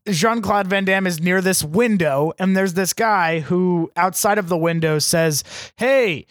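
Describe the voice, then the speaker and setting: High-voiced man recapping a movie. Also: a little slow, fairly bright tone, dry recording, clean studio sound. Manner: rambling recaps with mocking quoted lines. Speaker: podcast co-host. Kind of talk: casual movie review chat.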